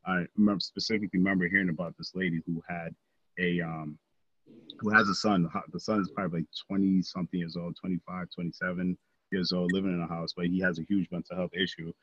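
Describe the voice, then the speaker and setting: Husky deep-voiced man, earnest podcast talk. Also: little pitch movement, quick pace, a bit bright, lo-fi sound. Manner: earnest, many fillers and restarts. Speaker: podcast co-host. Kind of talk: casual podcast discussion.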